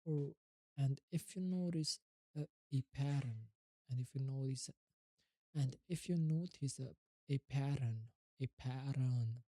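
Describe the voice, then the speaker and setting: Slow, very dark-voiced hesitant man. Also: mid-range voice, dry recording, rough recording. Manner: hesitant, repeats words over and over. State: nervous, shaky. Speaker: livestreamer learning English. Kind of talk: casual live-stream chat. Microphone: own streaming mic.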